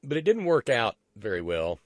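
A man's voice: mid-range voice, sing-song, normal speed, no echo. A man hosting a political talk radio show, sarcastic and profane, who stumbles into restarts.

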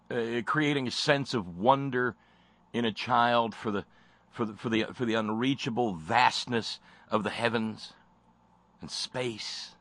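A man's voice: fairly low pitch, a bit bright, dry recording. A man hosting a talk show, delivering sarcastic, impassioned commentary with frequent stammered restarts.

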